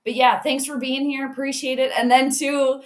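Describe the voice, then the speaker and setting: A high-pitched woman with a fairly flat delivery hosts a casual livestream at normal speed. She greets her viewers by name and laughs often, and the recording has a roomy echo.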